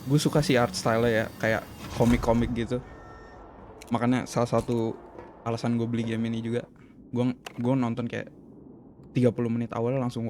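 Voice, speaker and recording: A man's voice: medium pitch, little pitch movement, fast, long pauses, slight background noise. A man giving casual, hesitant gameplay commentary with frequent fillers and laughing asides. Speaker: gameplay streamer. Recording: game music playing loudly.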